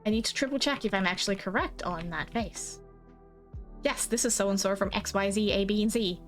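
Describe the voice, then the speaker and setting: A woman's voice: mid-range voice, a little fast, soft background music. A young Australian woman streaming a game, chatting casually and rambling, swearing freely and quoting herself and others. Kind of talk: casual chat while gaming.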